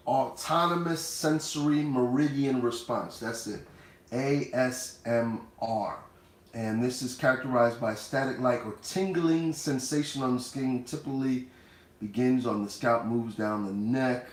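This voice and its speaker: A man's voice: medium pitch, unhurried. A man hosting a cooking livestream, talking casually and speaking directly to his viewers. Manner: conversational, addresses viewers directly. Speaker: cooking show host. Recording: roomy echoey room.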